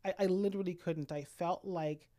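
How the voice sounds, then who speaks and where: A middle-aged woman speaking candidly and reflectively about a personal experience, with pauses and restarts. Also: lowish voice, steady tone, warm tone. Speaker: speaker sharing a personal story. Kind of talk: intimate personal talk.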